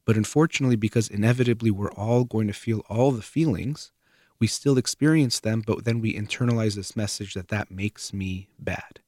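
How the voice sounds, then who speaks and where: Calm, low-voiced man explaining. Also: no room sound, studio quality. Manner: calm, measured, earnest, trailing off softer at phrase ends. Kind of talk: explanatory talk to camera.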